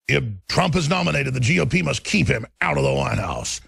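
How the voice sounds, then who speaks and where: A man's voice: mid-range voice, expressive, a little fast, gravelly, hardly any pauses, a bit bright, husky, dry recording. A middle-aged man, hosting a political talk radio show in an intense, ranting, emphatic way. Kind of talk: political commentary broadcast.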